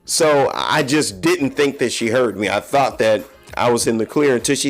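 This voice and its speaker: A man's voice: mid-range voice, animated, normal speed, faint music behind. Candid man hosting a solo podcast. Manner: candid, confessional, talks straight to listeners. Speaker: podcast host. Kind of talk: casual solo podcast monologue.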